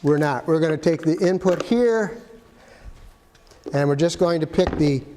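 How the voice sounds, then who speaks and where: A man with a fairly high voice walks through setting up sound gear in a casual, practical way. He talks straight to the viewer with homespun asides. The room around him rings with a long reverb. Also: measured pace, mellow, slight background noise. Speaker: arts facility equipment guide. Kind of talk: casual instructional walkthrough.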